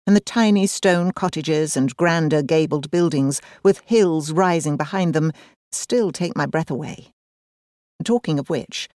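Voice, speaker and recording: A woman's voice: low-pitched, darkish tone, no room sound, studio quality. A woman, reading a first-person audiobook in a wry, self-deprecating, conversational manner. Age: 40s. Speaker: audiobook narrator.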